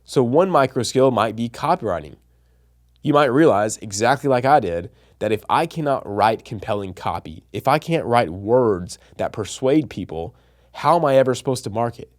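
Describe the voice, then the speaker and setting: A man's voice: mid-range voice, expressive, normal speed. A man hosting a casual educational vlog, talking straight to his viewers in an enthusiastic, nerdy, chatty way. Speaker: channel host and coach.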